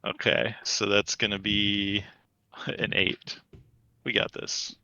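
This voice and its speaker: Laid-back male player, low-ish pitch, slow and bright, lo-fi dry mic. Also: flat delivery, clear, resonant tone, no room sound. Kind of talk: tabletop game play.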